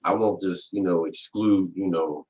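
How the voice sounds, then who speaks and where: A man in casual chat, laid-back and halting, repeating words. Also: sits low, steady tone, a little mellow, poor audio.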